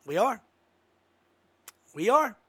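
A man giving an impassioned political monologue as host, emphatic and given to sudden loud outbursts. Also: very high voice, big pitch swings, slow, breathy edge.

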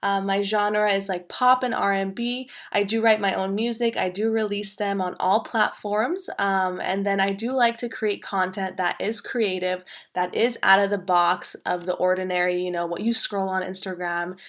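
A woman's voice: mid-range voice, fairly even intonation, moderate pace, hardly any pauses, fairly bright tone. Chatty woman in her twenties, podcast guest, bubbly and casual. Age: 20s. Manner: bubbly and chatty, many ums and you knows.

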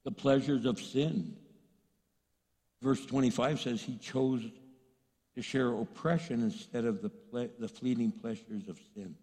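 A middle-aged male pastor from Texas preaching a sermon to a packed church, swinging from hushed asides to fired-up shouting. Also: mid-range voice, unhurried, big-room sound.

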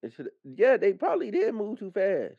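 A man's voice: high voice, huge pitch swings, normal speed, warm tone, breathy edge, no room sound, muffled recording. A man co-hosting a casual podcast chat, blunt and profane, joking as he talks. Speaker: podcast co-host.

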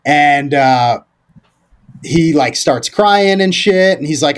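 A man's voice: on the high side, lively intonation, slow pace. A man, a former Marine, talking as a podcast guest in a loose, rambling way, full of fillers, restarts and casual swearing. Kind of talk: casual storytelling conversation.

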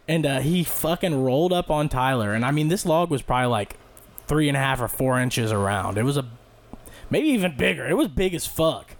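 Profane, animated storytelling man. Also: medium pitch, a little fast. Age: late 20s. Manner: animated, profane, acts out quotes. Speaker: podcast co-host. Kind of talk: casual storytelling.

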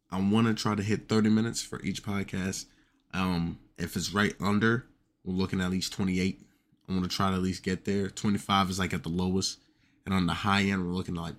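A man's voice: sits low, steady tone, fairly quick. A man hosting his own podcast, talking loosely and rambling, with lots of "you know". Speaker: podcast host. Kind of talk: casual solo podcast talk.

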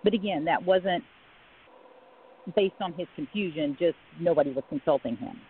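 A woman's voice: on the low side, normal speed, slight background noise. A woman, a guest telling her own story in a radio interview and quoting the people involved. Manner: conversational, quoting others in a retold story. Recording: phone line, husky.

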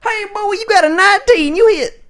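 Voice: very high voice, a little fast, a bit bright, pitched above the performer's own voice. A speaker putting on a rowdy rural dungeon master with a Southern drawl, hollering folksy lines.

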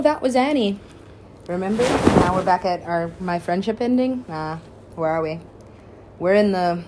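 A woman's voice: lowish voice, gravelly, background noise. A woman, a musician and DJ, telling a rambling personal story in casual talk, swearing freely and laughing often.

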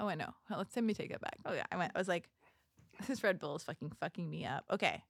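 A woman guest on a podcast, telling stories in casual chat, chatty and swearing, laughing loudly as she talks. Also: lowish voice, animated, fast, vocal fry, dry recording, studio quality. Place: podcast studio.

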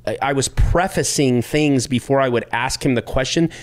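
A male podcast host in loose, casual conversation. He rambles, trips over restarts and acts out quoted exchanges, in a voice of ordinary pitch. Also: normal speed. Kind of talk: casual chat.

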